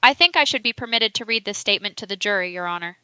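A woman reading the lines of a forceful male prosecuting solicitor, pressing and emphatic in his questions. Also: medium pitch, animated, fast talker, clean tone, no echo.

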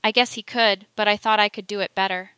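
A woman's voice: mid-range voice, fairly even intonation, fairly quick, bright, forceful tone, smooth, no room sound, close to an everyday voice. A woman reading the lines of a reluctant male witness who gives short, guarded answers.

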